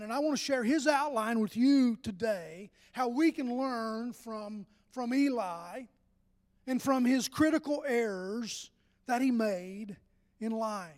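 An older man delivers a sermon in a notably high voice, speaking conversationally with frequent restarts before climbing into emphatic passages. His voice rings out with a long reverberant tail, as in a church hall. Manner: conversational, with many restarts and rising emphatic bursts. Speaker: pastor.

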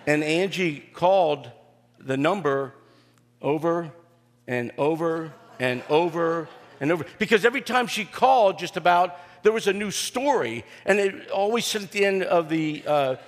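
An older male pastor with a slightly high voice delivers a homespun sermon full of humor and filler pauses. His voice rings with the long reverb of a large hall. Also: animated. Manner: folksy and joking, with frequent "uh" fillers. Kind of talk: sermon with personal storytelling.

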